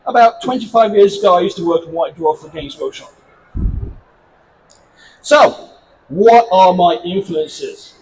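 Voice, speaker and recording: An English man in his fifties with a notably high voice for a man, presenting at a convention panel. He chats with the audience and makes self-deprecating jokes. The room has faint ambient noise behind him. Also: expressive, a little slow, pauses often, a little mellow, poor audio. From England. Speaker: comic book creator presenting a convention panel.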